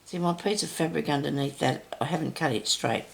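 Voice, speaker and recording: Older woman, raspy gravelly voice, rambling casual stitching tutorial. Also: deep voice, a little fast. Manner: chatty, rambling, self-interrupting. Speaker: sewing tutorial host.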